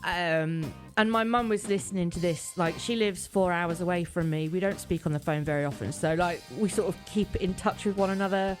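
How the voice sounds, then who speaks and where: Animated British woman telling a story. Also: on the low side, fairly quick, few pauses, faint music behind. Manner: animated storyteller, voices her mum. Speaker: podcast host. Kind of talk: casual chat.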